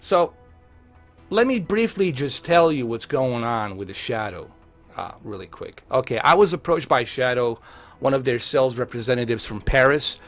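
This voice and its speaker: A man's voice: medium pitch, very animated, normal speed, a bit bright, soft background music. A man chatting casually on a live stream who often breaks into heated, profane rants, with many fillers. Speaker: tech streamer.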